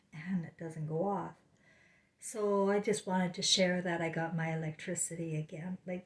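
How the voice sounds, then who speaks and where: This woman has a lowish voice with a darkish tone, vlogging as a spiritual vlogger from her living room. Her casual monologue wanders, packed with fillers and restarts, and the recording sounds roomy and echoey.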